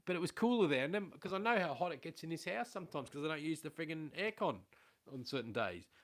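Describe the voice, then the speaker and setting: A man's voice: fairly high pitch, lively intonation, quick pace, a bit bright. A middle-aged man with an Australian accent talks casually to viewers from his home. He wanders off on tangents, drops casual swear words and admits when he is waffling. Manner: rambling, swears freely, self-aware about waffling. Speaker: livestream host. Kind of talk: casual rambling livestream chat. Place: at home indoors.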